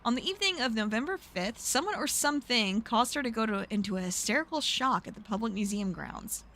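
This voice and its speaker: A woman's voice: a little high, animated, brisk, bright, forceful tone, slight background noise. A woman streaming a video game who chats and thinks aloud, with frequent giggles and playful asides. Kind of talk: casual live-stream commentary.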